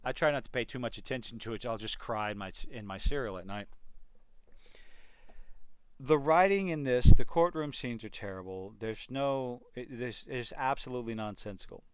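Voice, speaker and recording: A man's voice: medium pitch, expressive, moderate pace, smooth, dry recording. A man giving an exasperated, sarcastic rant in a video review of a TV series. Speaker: TV review vlogger.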